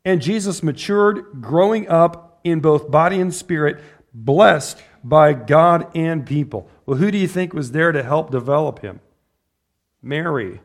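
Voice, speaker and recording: Guy preaching a sermon kinda high-pitched, chatty, keeps asking the crowd stuff and laughing. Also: expressive, measured pace. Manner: conversational, asks the audience questions and laughs often.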